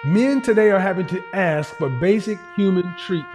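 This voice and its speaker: A man's voice: high-pitched, lively intonation, normal speed, music in the background. A man giving casual livestream commentary in a blunt, emphatic, profane lecturing manner. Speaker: streamer and commentator.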